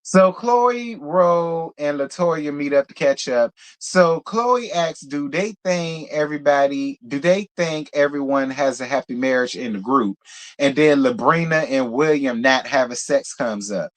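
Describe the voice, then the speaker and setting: A man hosting a casual reality TV recap, talking bluntly and profanely in an animated, opinionated way. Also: fairly high pitch, measured pace. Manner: animated, opinionated gossip talk. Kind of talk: casual review commentary.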